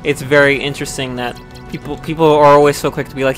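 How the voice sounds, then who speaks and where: A man's voice: fairly high pitch, racing, faint music behind. Rambling young man streaming a game. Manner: rambling, swears and yells in frustration. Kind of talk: live gameplay commentary.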